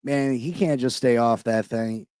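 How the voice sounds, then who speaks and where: A man's voice: mid-range voice, measured pace, clear, resonant tone, dry recording, clean studio sound. Hype slangy man hosting a sports podcast. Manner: hype, slangy, shouting out the chat. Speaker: podcast host. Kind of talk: casual sports podcast chat. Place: New York.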